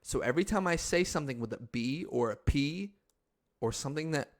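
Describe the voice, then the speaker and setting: A young man hosting a podcast, telling a story in a frantic, excitable, swearing casual chat. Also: fairly high pitch, brisk. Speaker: podcast host.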